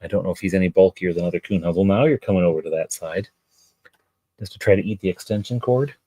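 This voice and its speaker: A man's voice: low voice, fast, dark tone, husky, no room sound. A middle-aged man streaming his miniature painting, chatting in a rambling way with his viewers and his dog. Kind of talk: casual live-stream chat.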